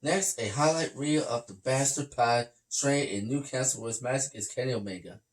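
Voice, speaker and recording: Male podcast host, average pitch, reading results aloud, fumbles names. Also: normal speed. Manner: reads match results aloud, stumbles over names. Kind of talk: reading recaps in casual chat.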